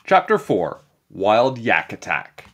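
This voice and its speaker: Man reading a kids' book aloud, lower voice, lively animated delivery. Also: slow pace. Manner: animated, playful storytelling. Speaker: storybook reader.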